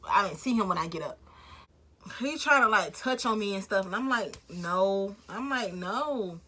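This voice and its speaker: Woman, storytime vlog, animated, slangy, bright forceful voice. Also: medium pitch, normal speed. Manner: animated, slangy and profane, acts out both sides of the dialogue. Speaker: vlogger.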